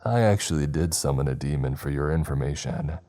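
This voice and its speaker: A man's voice: rumbling low, a little fast, warm tone. A man voicing a cocky young patient in his late twenties who mocks and huffs. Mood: mocking. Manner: mocking, huffy.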